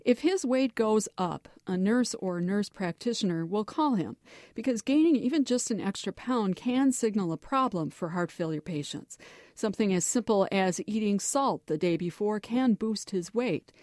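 A woman reporting a scripted radio news feature in a measured, explanatory way. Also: mid-range voice, expressive, a little mellow, no echo, clean studio sound.

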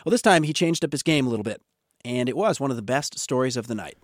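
Relaxed male radio host. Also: mid-range voice, fast talker, no room sound, studio quality. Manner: relaxed, conversational announcing. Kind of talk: hosting a public radio show.

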